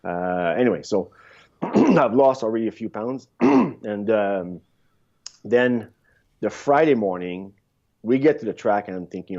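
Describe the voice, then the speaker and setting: A man in his fifties, a podcast guest, telling rambling, animated stories in a casual interview, with frequent restarts. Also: lowish voice, measured pace, gravelly. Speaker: podcast guest, former luge athlete. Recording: dull lo-fi sound.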